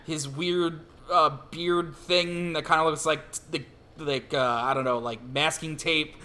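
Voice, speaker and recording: A man co-hosting a casual comic read-along who gushes excitedly and swears freely. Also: fairly high pitch, a little slow. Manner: excitable, gushing, crude. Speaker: co-host reading a comic aloud.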